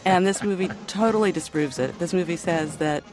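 Woman film critic on radio, gushing and fond, trips over words a bit. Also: fairly low pitch. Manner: warm, gushing, a little halting. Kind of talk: radio panel discussion.

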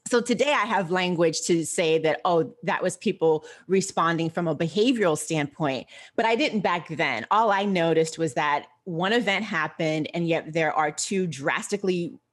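Measured, articulate older woman. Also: on the low side. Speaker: guest, financial behaviorist. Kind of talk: interview answers.

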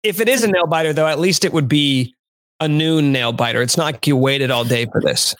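A man's voice: fairly high pitch, fairly quick, a bit bright, no echo. A man hosting a sports podcast, chatting casually with a wry, sarcastic edge.

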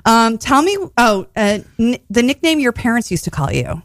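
A woman's voice: a little high, sing-song, moderate pace. A woman hosting a casual podcast, playful and giggly as she runs the games. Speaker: podcast host.

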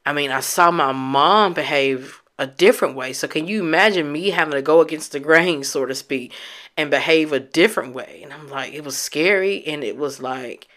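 Bright-voiced woman sharing candidly. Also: low voice. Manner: candid and emotional, swears casually; reflective, halting restarts. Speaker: vlogger. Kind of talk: personal storytelling.

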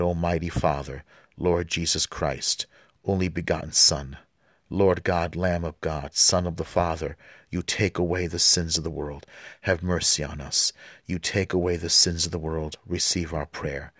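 Deep-voiced man reading scripture. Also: dry recording, clean studio sound. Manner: informal asides with fillers between readings. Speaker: podcast host reading the Mass readings. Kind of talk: reading scripture aloud, prayerful.

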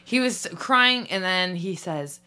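A woman's voice: on the low side, animated, slow, pushed and bright, clear, resonant tone. A woman improvising a comic story, rambling and bubbly, laughing often and filling her talk with likes. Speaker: improv comedy guest.

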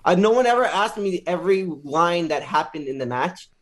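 A man being interviewed as a guest, casually retelling a story with lots of filler words and animated quotes. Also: sits high, moderate pace.

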